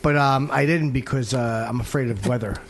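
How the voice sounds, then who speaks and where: A man from South Jersey, a comedian guest on a podcast, talking bluntly and deadpan. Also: medium pitch, a little fast. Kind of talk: casual podcast banter.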